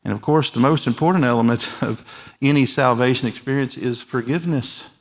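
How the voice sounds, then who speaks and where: Man in his 40s, pastor, sermon, earnest, emphatic, mid-pitched voice, soft endings. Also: fairly quick. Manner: earnest, emphatic preaching with quiet, softened endings. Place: large church with overflow rooms.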